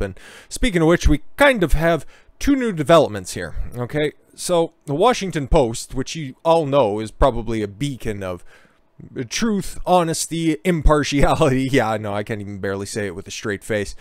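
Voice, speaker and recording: A man's voice: medium pitch, smooth, dry recording. A man giving sarcastic, exasperated commentary, swearing often and mocking what he reads out.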